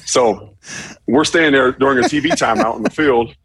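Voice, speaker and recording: A man casually telling a profane story, acting out shouted quotes with animated energy. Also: mid-range voice, normal speed, breathy edge, no room sound. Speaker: former football player telling a story.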